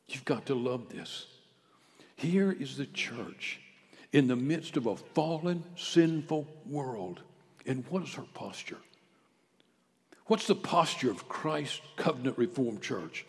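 A male pastor preaching a sermon, swinging from quiet, close talk to loud shouted calls. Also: medium pitch, animated, a little slow. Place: church sanctuary. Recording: church hall with long reverb.

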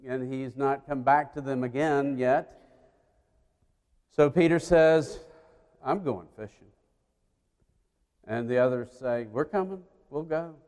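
A man preaching a sermon, retelling a story and acting out the voices, swinging between loud and hushed. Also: medium pitch. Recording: long hall reverb.

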